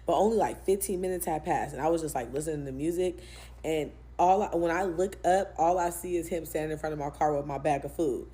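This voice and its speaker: A young woman telling a storytime story in a casual, profane, animated way. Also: low voice, fairly quick.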